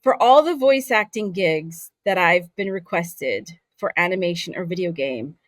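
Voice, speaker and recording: A woman's voice: on the low side, unhurried, no echo. A woman raised in Saudi Arabia, a voice actor telling stories candidly in a casual interview. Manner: candid, animated storyteller. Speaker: voice actor guest.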